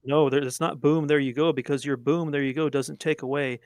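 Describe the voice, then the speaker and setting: A man's voice: a little high, fairly even intonation, a little mellow, no room sound. A man debating theology, earnest and emphatic, pressing his points firmly. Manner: earnest, emphatic, quick to argue.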